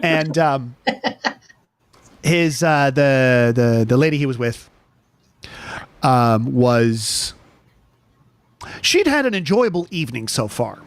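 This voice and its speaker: A man's voice: medium pitch, slow, pauses often, no room sound. A man hosting a chat show, telling a story casually with lots of restarts. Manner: animated storyteller, restarts often.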